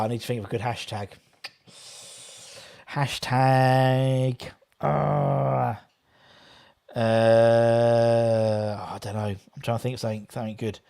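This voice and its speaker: A man's voice: mid-range voice, darkish tone. A young man hosting a live football watchalong, chatting casually and reading out viewers' comments. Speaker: fan channel host.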